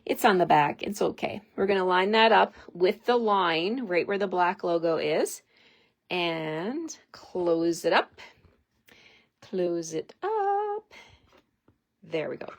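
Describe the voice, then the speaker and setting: A Canadian woman with a fairly low voice works through a casual card-stamping tutorial at a measured pace. She chats and giggles with her viewers as she stamps, playing the role of a stamping demonstrator.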